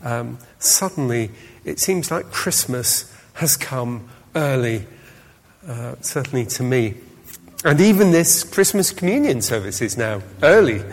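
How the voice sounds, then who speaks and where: A man of middle pitch preaches in an easy, conversational way, pausing often with ums and uhs as he talks straight to the people in front of him. His voice hangs in a long church reverb. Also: lively intonation. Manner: chatty and hesitant, full of ums and uhs, speaking straight to the congregation. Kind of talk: informal sermon.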